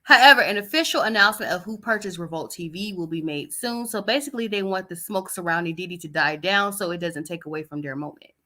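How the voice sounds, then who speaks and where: On her casual gossip podcast, a young adult woman reads celebrity headlines aloud and riffs on them, sassy and chatty. She talks fast with hardly a pause, her fairly low voice pushed and bright.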